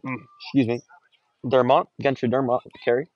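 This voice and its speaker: A young man doing casual, rambling play-by-play of a high school football game outdoors, recorded on a phone, often correcting himself and getting excited on big runs. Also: a little fast, no room sound, lo-fi sound. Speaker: play-by-play announcer.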